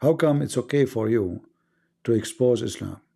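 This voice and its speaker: A man's voice: medium pitch, normal speed, gravelly, dark tone. A man hosting a livestream, talking casually in English and arguing through rhetorical questions. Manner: argumentative, asks rhetorical questions, non-native grammar. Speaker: livestream host.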